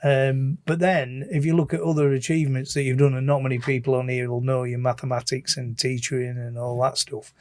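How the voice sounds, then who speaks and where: A man's voice: mid-range voice, level tone, brisk, few pauses, a little mellow. A man hosting a podcast, asking questions in a teasing, joking way. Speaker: podcast host. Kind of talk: casual chat.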